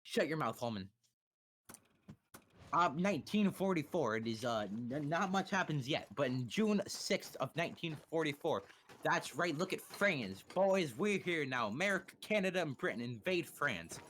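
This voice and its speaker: A man's voice: on the high side, animated, moderate pace, a bit bright. Young man, livestream chat, crude jokes, profane, light background hiss. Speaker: streamer explaining history.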